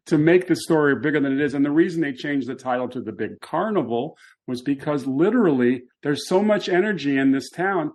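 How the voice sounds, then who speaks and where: A man's voice: on the high side, a little mellow. A man co-hosting a podcast about classic Hollywood, explaining films in a thoughtful, conversational way. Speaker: podcast co-host. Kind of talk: casual film discussion.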